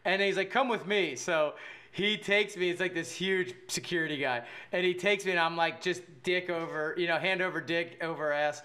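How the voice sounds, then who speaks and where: A man's voice: on the high side, normal speed, sharp tone. A young man casually telling a rambling story with lots of filler words and bursts of laughter. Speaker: podcast co-host telling a story.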